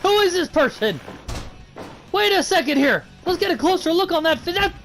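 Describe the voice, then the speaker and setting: Excitable high-voiced male wrestling commentator. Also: moderate pace, vocal fry, faint music behind. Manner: excitable, exclamatory. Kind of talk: play-by-play commentary.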